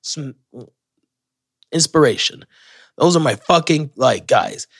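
A young man hosts his podcast alone, drifting through stories with swearing and restarts. He speaks slowly and a little high. His voice sits close and dry on the mic. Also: lively intonation, slightly rough, no room sound. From Florida. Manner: rambling, profane, self-interrupting storyteller. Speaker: podcast host. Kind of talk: casual solo podcast monologue.

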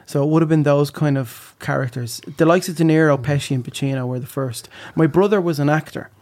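Chatty man, slightly high voice. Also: a little fast, darkish tone. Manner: chatty storyteller who slips into voices. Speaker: guest impressionist. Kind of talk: casual podcast chat.

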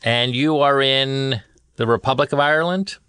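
In a Burbank, California studio, a male co-host of a comedy podcast lobs dry, teasing questions in deadpan banter. He has a medium pitch, a bright, forceful tone, and speaks at normal speed. The sound is clean with no echo.

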